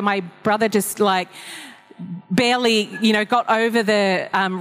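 A woman preaching a sermon, telling personal stories in a conversational way with frequent fillers. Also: medium pitch. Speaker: pastor. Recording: long reverb of a large hall.

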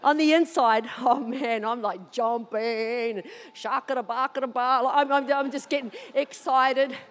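A woman preaching, telling a personal story with animated, excited delivery. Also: a little high, measured pace, long reverb tail.

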